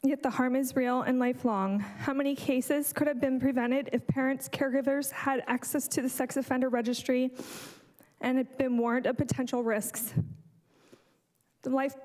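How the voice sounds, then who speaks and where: A woman with a high voice reads a prepared statement at a council lectern. She sounds earnest and pauses to correct herself. Her voice carries the long reverb of a large chamber. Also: steady tone, a little mellow. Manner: earnest, apologizes and corrects herself mid-sentence. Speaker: public delegate.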